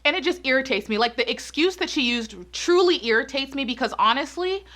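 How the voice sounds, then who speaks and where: A woman's voice: high voice, lively intonation, a little fast, a bit bright. A woman giving opinionated vlog commentary, emphatic and repeating her points as she gets worked up. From United States. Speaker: pageant commentary YouTuber.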